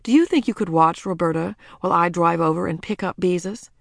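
A woman reading aloud, voicing a patient, careful mother in a calm, gentle way. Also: fairly low pitch, brisk, creaky, no room sound, clean studio sound.

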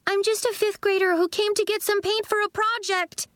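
A woman voicing a shrill, frightened young schoolgirl. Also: steady tone, extremely slow, dry recording, clean studio sound, full character voice. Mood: desperate. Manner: high-pitched desperate yelling. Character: frightened fifth-grade girl with fierce magic.

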